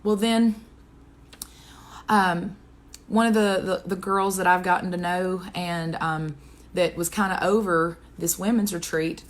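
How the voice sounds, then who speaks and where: A woman's voice: on the low side, fairly even intonation, a little slow. A woman speaking as a devotional speaker, telling a personal testimony in an earnest, conversational way and closing with a prayer. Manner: earnest, conversational storytelling with wide swings in pace.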